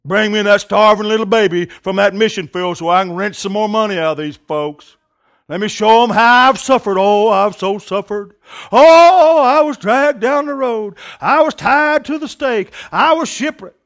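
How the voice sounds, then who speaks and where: A man's voice: high voice, steady tone, fairly quick, hardly any pauses, a bit bright. A man putting on the voice of a greedy male preacher who milks sympathy with theatrical, whiny complaints. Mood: whining.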